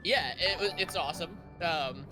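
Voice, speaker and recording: A man's voice: sits high, moderate pace, loud music behind the voice. A man, the stream's moderator, telling a long story in a casual, rambling way with many fillers.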